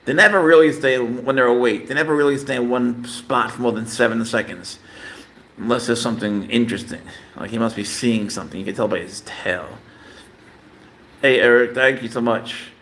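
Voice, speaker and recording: A man talks to his viewers and his cat during a casual home livestream, wandering through his thoughts with many fillers. His mid-range voice has a fairly bright tone and moves at a normal speed.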